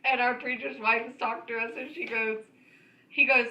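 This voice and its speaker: A woman's voice: on the high side, normal speed, roomy sound, rough recording. A woman, co-hosting a podcast, telling funny family stories with lots of laughter. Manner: animated, laughs often while telling stories. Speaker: podcast co-host. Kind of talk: casual storytelling chat.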